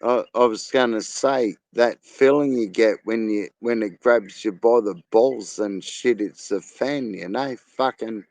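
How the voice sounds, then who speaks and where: Slow-talking bloke in a bar. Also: male voice, fairly low pitch, a little mellow, no room sound. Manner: halting, swears casually. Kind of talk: casual bar chat.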